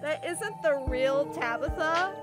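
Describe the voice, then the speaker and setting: A high-voiced young woman streaming a visual novel, reading it aloud with giggly, excitable commentary and frequent swearing. Game music plays steadily behind her. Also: slow pace. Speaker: gaming streamer.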